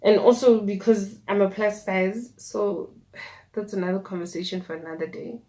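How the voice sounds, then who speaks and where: A woman's voice: medium pitch, steady tone, normal speed, warm tone. A young woman with a South African accent, telling her story casually while doing a makeup tutorial, dropping in Sesotho words and playful asides. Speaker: YouTuber.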